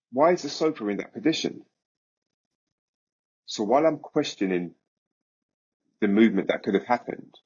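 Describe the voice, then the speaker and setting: A man, a podcast guest, recounting a story in a vivid, animated way. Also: low voice, creaky, slightly rough, highs cut off. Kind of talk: casual storytelling.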